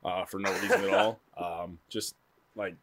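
A man's voice: low voice, steady tone, moderate pace, fairly bright tone, slight background noise. A man from the northern United States chatting casually as a co-host, joking and swearing and often restarting his sentences. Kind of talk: casual chat.

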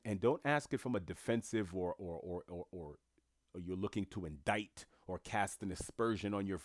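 A man's voice: lowish voice, no room sound, clean studio sound. A man giving an impassioned casual monologue to viewers, emphatic, repeating phrases with slangy asides. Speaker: commentator speaking to viewers.

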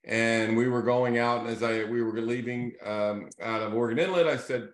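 A man hosting a casual video series, telling a fishing story in a loose, animated way and acting out the voices of the people in it. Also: on the low side, a little fast, few pauses. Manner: animated storyteller who acts out quoted voices. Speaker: real estate team leader hosting a video series. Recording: echoey room.

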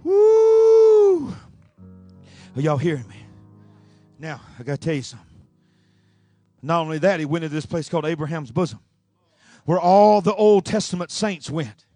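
A pastor preaching a sermon, swinging between shouting and a low, rhythmic delivery. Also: male voice, normal speed, pauses often, dry recording, faint music behind.

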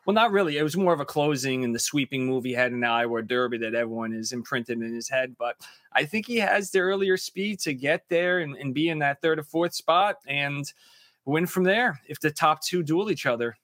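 A man talking casually as a guest horse racing handicapper, chatty with quick asides and jokes. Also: a little high, a bit bright, dry recording, studio quality. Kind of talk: casual podcast chat.

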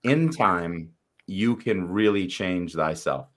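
A man's voice: low-pitched, expressive, slow pace. A man co-hosting a podcast as a coach, talking emphatically and preachily with casual swearing.

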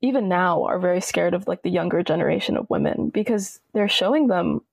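A young woman talking casually and passionately as a podcast guest, with emphatic, expressive delivery. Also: fairly low pitch, brisk, creaky, no room sound. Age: young adult. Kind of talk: casual conversation.

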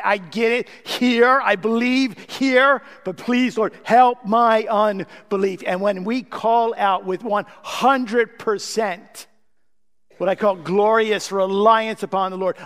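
A man preaching a sermon as pastor, emphatic, often asking the congregation a rhetorical "what?". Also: high voice. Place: church sanctuary. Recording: long reverb from a large church hall.

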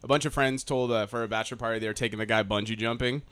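A man's voice: mid-range voice, steady tone, very fast, a bit bright, clear, resonant tone. A man in casual chat, teasing and acting out scenes for laughs.

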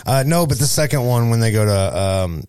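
A man's voice: medium pitch, brisk, clean tone, dry recording. Joking St. Louis man on a dry studio mic. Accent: St. Louis, Missouri. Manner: joking, lively, with playful asides. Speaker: show co-host. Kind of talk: casual local news chat.

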